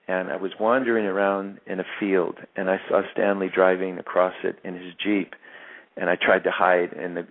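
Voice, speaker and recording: A man in his fifties, an actor being interviewed, telling stories in a halting way with many restarts and repeated words. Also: low-pitched, narrow, tinny audio. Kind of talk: reflective interview storytelling.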